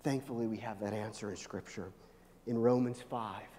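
A pastor preaching a sermon, swinging between loud, rising pleas and hushed, low lines. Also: male voice, steady tone, normal speed. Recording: long reverb of a large hall.

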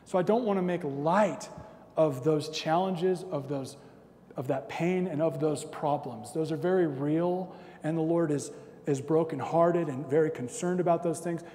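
A man's voice: a little high, unhurried, warm tone, big-room sound, slight background noise. A man in his thirties, a pastor giving a sermon, talking in a conversational, self-deprecating way and acting out little stories.

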